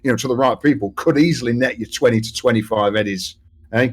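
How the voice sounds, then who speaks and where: A man's voice: mid-range voice, fast talker. A man playing a tabletop role-playing game, chatting in character in a boastful, salesman-like way with plenty of swearing. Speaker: player.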